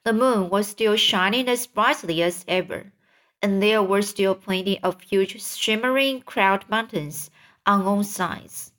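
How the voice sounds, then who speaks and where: A woman's voice: mid-range voice, fairly bright tone. A woman reading a children's book aloud, often stumbling and restarting words. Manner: halting, stumbling over words. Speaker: reader.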